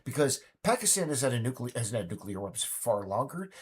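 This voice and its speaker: A man's voice: mid-range voice, big pitch swings, brisk, husky. A man in his fifties speaking in a casual, indignant, rambling monologue full of restarts. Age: 50s. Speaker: game developer vlogger.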